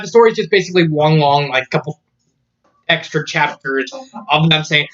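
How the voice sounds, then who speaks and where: A man's voice: a little high, normal speed, sharp tone. A man casually reviewing a story, laughing often in disbelief and using many fillers. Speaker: fan fiction reviewer. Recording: dull lo-fi audio.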